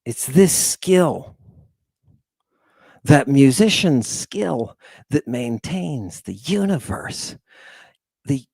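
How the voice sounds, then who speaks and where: A man's voice: mid-range voice, animated, drawn-out words, vocal fry, long pauses, mellow, husky, no echo. A man hosting a lecture in a theatrical, rambling way. He keeps turning to his audience as "people". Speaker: lecture host.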